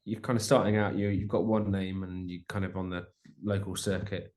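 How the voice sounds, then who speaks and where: A young man talks casually as an interview guest, restarting and padding his sentences with fillers. His voice sits a little low. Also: little pitch movement, brisk, a little mellow. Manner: chatty, rambling with many restarts and fillers. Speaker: musician guest.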